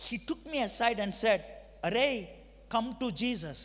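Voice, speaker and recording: A man's voice: extremely high pitch, brisk. A middle-aged man with a Telugu-accented Indian English voice, telling his testimony as a sermon, acting out the dialogue and asking the audience questions. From Andhra Pradesh, India. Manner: storytelling, acts out dialogue, asks the audience questions. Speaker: preacher giving his testimony. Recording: long reverb of a large hall.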